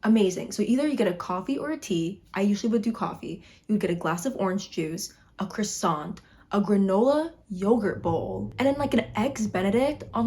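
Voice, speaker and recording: A woman's voice: medium pitch, a little mellow. A woman in her twenties from Chicago, chatting casually in a vlog, bubbly and full of "like". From Chicago, United States. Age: 20s. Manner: chatty, bubbly, heavy use of "like". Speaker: vlogger. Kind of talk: casual talking-head vlog. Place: home room in winter.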